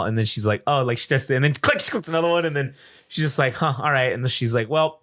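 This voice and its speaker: A man's voice: medium pitch, animated, quick pace, fairly bright tone. A man co-hosting a casual film review chat, animatedly retelling scenes and acting out the characters' lines, with frequent swearing. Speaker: podcast co-host.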